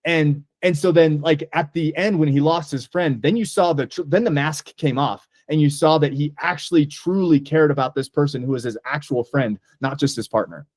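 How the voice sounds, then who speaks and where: A man's voice: a little high, normal speed, hardly any pauses, a little mellow, no room sound, clean studio sound. A man co-hosting a casual movie podcast, talking enthusiastically and rambling with lots of fillers. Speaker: podcast co-host. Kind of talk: casual movie review chat.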